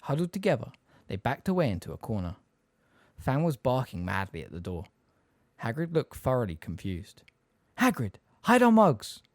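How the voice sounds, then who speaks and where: A man reading a novel aloud as an audiobook, in expressive storytelling narration. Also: mid-range voice, normal speed, no echo. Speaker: audiobook reader. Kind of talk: scripted narration.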